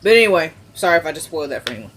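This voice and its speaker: A woman's voice: deep voice, very fast, slight background noise. Chatty woman recapping a show. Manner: chatty, animated, off the cuff. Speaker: vlogger recapping a TV episode. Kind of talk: casual chat.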